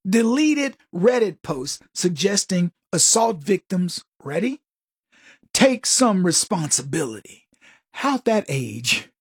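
A man riffs through a political commentary monologue, sarcastic and mocking, his pitch jumping up and down as he goes. His voice is a little husky, and the recording is dry and close. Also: big pitch swings, slow, no echo.

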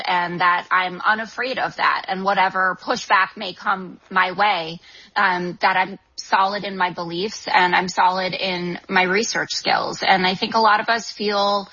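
A woman's voice: fairly low pitch, pushed and bright, husky. A woman in her thirties, a guest author and TV political commentator, answering call-in questions in an articulate, assertive way with frequent "um" fillers. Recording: dull lo-fi broadcast audio.

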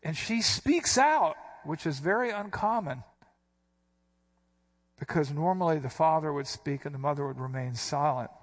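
A man's voice: fairly high pitch, lively intonation, moderate pace. A man teaching verse by verse from the Bible, speaking emphatically and stressing quoted lines sharply. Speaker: preacher.

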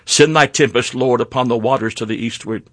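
A man's voice: medium pitch, fairly quick, a bit bright, dry recording, natural voice. Man reading a fervent colonial preacher, emphatic declamatory prayer, dry. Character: fervent male colonial preacher praying aloud.

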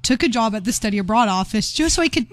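A young woman co-hosting a podcast in casual chat, bubbly, laughing often and making quick asides. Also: on the high side, lively intonation. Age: young adult. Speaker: podcast co-host.

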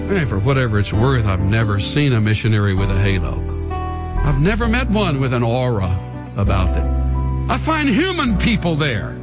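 A male pastor preaching a dramatic sermon, leading the congregation in call and response. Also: fairly high pitch. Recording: reverberant hall with faint music.

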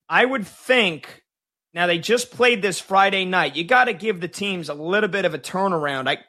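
A man with a high, bright, forceful voice talks sports live on a show. He jumps in with score updates, gets excited, and works through his thoughts out loud with quick restarts. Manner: excitable, thinks aloud in restarts. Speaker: sports talk show co-host.

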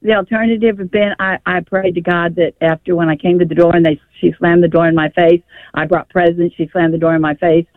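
A woman's voice: lowish voice, fairly even intonation, fairly quick, no room sound. An older woman calling in to a radio show, telling a long story in a rambling, emotional way with many restarts, heard over the phone. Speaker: caller. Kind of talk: call-in radio conversation. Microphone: telephone. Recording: tinny phone line.

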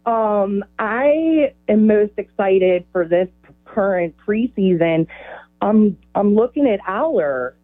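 A woman's voice: medium pitch, animated. A woman from Pittsburgh with a Pittsburgh accent, calling in by phone, cheerful and giggly. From Pittsburgh, USA. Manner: giggly, cheerful, slow-spoken. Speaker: caller. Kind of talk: phone-in chat. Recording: tinny phone line.

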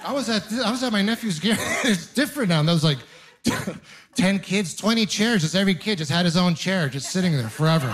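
A man's voice: sits high, expressive, brisk, a bit bright. A young man doing a stand-up comedy set, telling wry rambling stories and mocking himself. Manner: wry, rambling storytelling with self-mocking asides. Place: live comedy venue with audience laughter.

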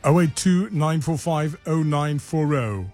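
A man's voice: on the high side, a little slow, a little mellow, soft background music. A man hosting a breakfast radio quiz, teasing his co-host and reading out clues and listener answers.

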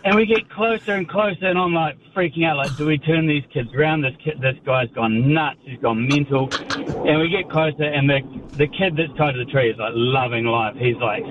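A man's voice: medium pitch, fairly quick. A man with a New Zealand accent, calling in to a radio show and telling a story casually, with lots of ums, restarts and laughter. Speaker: radio caller. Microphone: phone. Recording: muffled phone line with noise.

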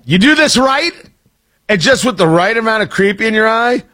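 Male radio host, higher voice, lively swings, playful riffing. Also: moderate pace. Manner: joking, animated, self-interrupting. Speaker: radio talk show host. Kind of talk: casual radio chat.

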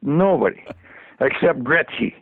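An older man telling a story in a folksy, animated way, chuckling as he goes. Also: on the high side, unhurried, breathy edge, no room sound. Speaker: storyteller guest. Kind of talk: casual anecdote on radio. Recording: tinny phone line on radio.

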